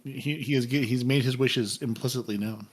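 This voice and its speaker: A man's voice: medium pitch, fairly even intonation, a little fast, husky. Rambling, jokey male podcast host. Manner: rambling, playful, jokey asides. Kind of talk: casual chat, thanking patrons.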